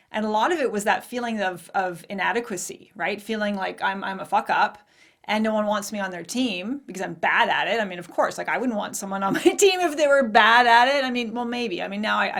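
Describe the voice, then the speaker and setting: Woman in her forties, podcast host, candid personal monologue, lively storytelling, middle pitch. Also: vocal fry. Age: 40s. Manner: candid, animated storytelling with laughs and acted-out quotes.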